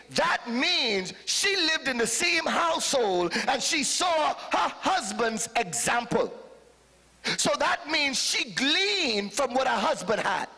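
A man preaching a live sermon as a bishop, calling out to the congregation with fervent, sudden shouted peaks. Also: very high-pitched, gravelly, long reverb tail. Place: church hall with congregation.

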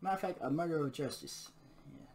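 A man giving excitable live gameplay commentary, trash-talking and bursting into shouts during fights. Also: on the high side, fast talker, slight background noise. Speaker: gamer. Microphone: new desk mic.

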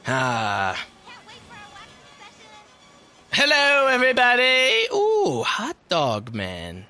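A young man talks over his gameplay in a high, very bright voice. He is loud and excitable, swears freely and laughs often as he comments. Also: drawn-out words, soft background music. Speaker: gaming video host. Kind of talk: let's play commentary.

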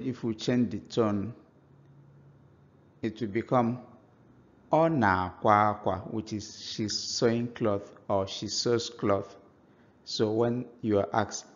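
Slow, low-voiced man teaching a language. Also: darkish tone, highs cut off. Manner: slow, patient explanations, spelling out example phrases. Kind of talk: language lesson.

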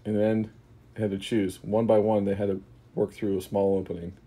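A man's voice: fairly low pitch, little pitch movement, normal speed, warm tone, slightly rough. A man narrating an improvised comic adventure story in a loose, off-the-cuff way. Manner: laughs at his own story, loose.

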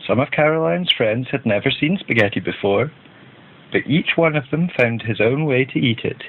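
Man, storybook narration, gentle even reading, thin phone-like sound. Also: mid-range voice, moderate pace, a little hiss or hum. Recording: tinny phone-like band.

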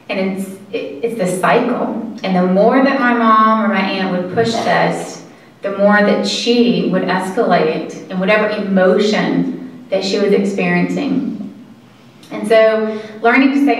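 A woman giving an earnest, conversational lecture to an audience, with halting pauses. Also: mid-range voice. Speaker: caregiving presenter. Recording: echoey room from far mic.

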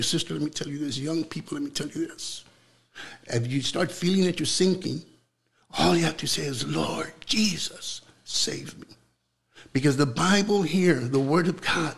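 A young man preaching with fervor in an interview, repeating words as he builds, then dropping to a hushed voice for prayer. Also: fairly high pitch, a little fast, vocal fry.

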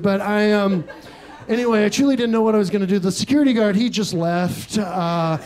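This young man from Texas, whose voice is pitched high for a male, is doing stand-up for a comedy club crowd. Between his deadpan, absurd tales he slips in fast little asides, and the audience laughs along.

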